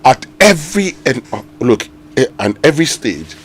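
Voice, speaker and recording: A man hosting a radio morning show, chatty and quick to laugh, fond of debate. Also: mid-range voice, very animated, slight background noise. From Ghana. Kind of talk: casual radio banter and segment hosting. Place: radio studio.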